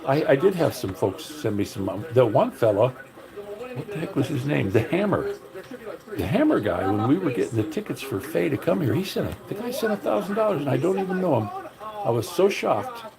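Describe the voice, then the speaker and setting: Brief: middle-aged man, livestream host, casual and rambling, mid pitch, crowd audible behind. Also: creaky, rough recording. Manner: rambling, folksy, talks straight to viewers.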